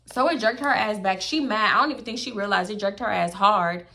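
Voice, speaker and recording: A young woman telling a story to camera, casual, animated and blunt, swearing freely. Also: mid-range voice, fairly quick, vocal fry. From Houston, Texas. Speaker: storytime vlogger.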